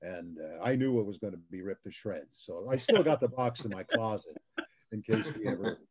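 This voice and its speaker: An older man with a soothing, gentle voice, telling unhurried stories as a voice actor guest on a video call. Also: on the low side, expressive, a crowd in the background. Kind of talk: casual chat on a video call.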